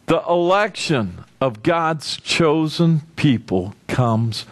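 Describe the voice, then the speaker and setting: A man's voice: on the high side, slow, no echo. A man preaching a sermon as pastor, telling the story with acted-out voices and questions to the listeners. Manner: animated storytelling, acting out voices of figures; asks the congregation questions.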